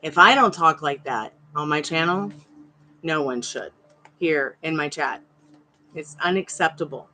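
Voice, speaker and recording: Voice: mid-range voice, unhurried, background noise. A tarot reader hosting a live stream, chatting casually with viewers and addressing them by name, firm but polite.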